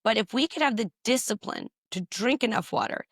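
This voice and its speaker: A woman physician answering interview questions and explaining health tips briskly, repeating points for emphasis. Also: a little high, animated, a bit bright, no room sound, clean studio sound. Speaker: physician guest.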